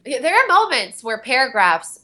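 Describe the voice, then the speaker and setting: In casual convention panel talk, a young voice actress giggles and rambles through her stories, leaning heavily on fillers. Her sing-song voice sits high, moves at a normal speed, and comes across pushed and bright.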